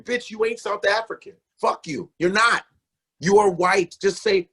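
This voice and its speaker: Husky, profane comic riffing man. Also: sits high, moderate pace. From Nigeria. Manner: animated, swearing, acts out mocking voices. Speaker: comedian guest.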